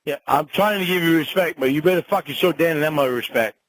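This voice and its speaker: A man with a slightly high voice argues bluntly over a phone line, cursing and repeating himself. The sound is dry and close. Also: quick pace, dry recording. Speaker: show host. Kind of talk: heated phone argument.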